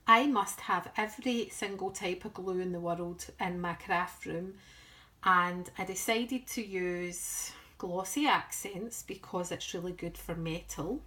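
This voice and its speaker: Slow, chatty British woman. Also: on the low side, bright, forceful tone. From United Kingdom. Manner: chatty and rambling, self-deprecating. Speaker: craft vlogger. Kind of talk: casual craft show-and-tell.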